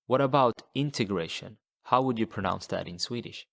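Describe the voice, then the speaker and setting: A man teaching a language lesson, patiently repeating model words slowly for learners to copy. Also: lowish voice, creaky, fairly bright tone. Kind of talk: slow, deliberate language lesson.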